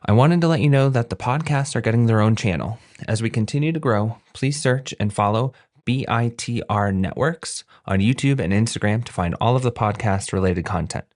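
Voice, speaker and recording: A man with a fairly low voice, recorded close and dry with no room sound. He co-hosts a running podcast, talking in a loose, rambling way full of fillers. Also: a little fast, hardly any pauses, a little mellow, no echo. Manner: chatty, rambling with many fillers. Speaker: podcast co-host. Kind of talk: casual chat.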